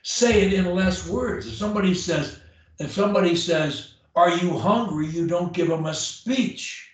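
A man's voice: high voice, normal speed. A man coaching a client on her speech, blunt and emphatic, repeating key phrases to drive them home. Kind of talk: one-on-one coaching session. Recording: echoey room, far from the mic.

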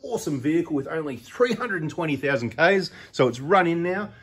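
A man's voice: fairly high pitch, animated, brisk, slightly rough. A middle-aged Australian man hosting a four-wheel-drive channel, giving chatty, opinionated advice full of rambling asides. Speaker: host of a 4x4 channel. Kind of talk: casual talking-head advice.

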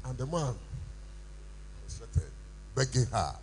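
A man preaches in a church, drawing out his words slowly and swinging his pitch up and down. He puts questions to the congregation and rises to shouts at the high points. A faint mains hum runs under the recording. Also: big pitch swings. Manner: call-and-response preaching, rising to shouts. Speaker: pastor. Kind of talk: sermon.

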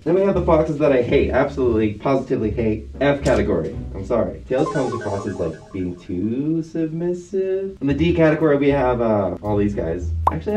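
A man's voice: fairly low pitch, dark tone, far from the mic. A young man giving a casual, joking tier-list commentary as a YouTuber, playful and self-mocking.

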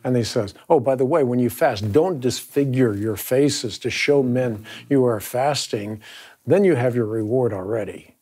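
A man's voice: medium pitch, moderate pace, a little mellow. A man hosting a round-table discussion, explaining earnestly and emphatically, often repeating words as he restarts. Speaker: host.

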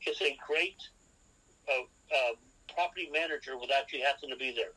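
A man's voice: mid-range voice, normal speed, bright, forceful tone, husky, poor audio. A man, a real estate expert guest on a podcast, giving seminar-style advice as numbered rules and often checking in with "okay?".

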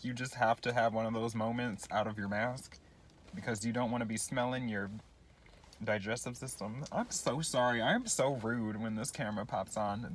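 A young man talks straight into his phone camera in a loose, rambling vlog, jumping between tangents and apologizing with a self-deprecating laugh in his voice. His voice sits at an ordinary middle pitch for a man, and a faint hiss of background noise hangs under the recording. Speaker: vlogger. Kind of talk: casual rambling vlog while eating.

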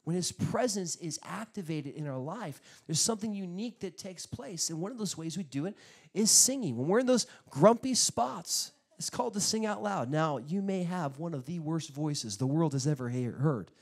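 A male pastor preaching a sermon, telling stories in an animated way, acting out quotes and bursting out loudly at times. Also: a little high, moderate pace, breathy edge. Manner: animated storytelling with sudden loud bursts; acts out quotes in his stories.

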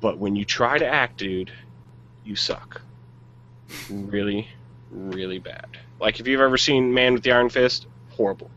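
A man's voice: on the low side, measured pace, long pauses, sharp tone, lo-fi sound, slight background noise. A man co-hosting a podcast, chatting casually and giving blunt, jokey opinions on movies. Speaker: podcast co-host. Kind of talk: casual chat.

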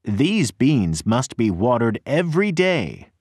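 A man voicing a strange, persuasive trader in a slow storybook reading. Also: mid-range voice, very animated, darkish tone, slightly rough, no echo, studio quality, heavily acted. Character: strange man, smooth-talking bean trader.

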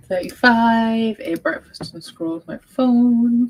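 A woman's voice: lowish voice, lively intonation, moderate pace, creaky, breathy edge, low-quality recording. A young woman hosting a reading livestream, chatting casually and reading out viewers' updates. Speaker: book vlogger hosting a readathon livestream. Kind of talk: casual chat.

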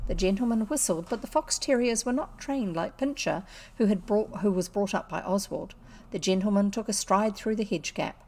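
A woman's voice: mid-range voice, normal speed, a little mellow. New Zealand woman reading a storybook. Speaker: audiobook reader. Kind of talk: storybook narration.

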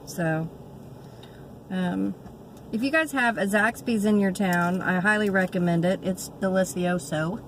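A woman's voice: medium pitch, a little slow, a little hiss or hum, low-quality recording. Chatty woman vlogging. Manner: chatty and warm-hearted, fillers and restarts. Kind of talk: casual chat vlog.

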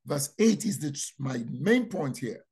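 A man preaching a sermon, repeating key phrases and asking rhetorical questions, dropping to quiet asides then rising to loud proclamations. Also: sing-song, a little slow, breathy edge. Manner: dramatic, swings from low asides to loud proclamations.

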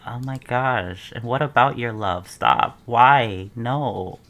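A man reacting to a trailer as an excited fan, muttering asides and breaking into dramatic outbursts. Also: mid-range voice, slow pace. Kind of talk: casual reaction commentary.

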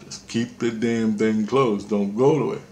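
A man's voice: fairly low pitch, steady tone, a little slow, mellow, slight background noise. A man vlogging a rambling, intense spiritual monologue, swearing freely.

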